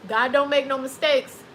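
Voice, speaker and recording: A woman hosting a live stream, reading chat comments and giving dating advice in a sassy, animated way, with speech. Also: sits high, a little hiss or hum, poor audio. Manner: sassy, animated, repeats phrases for emphasis.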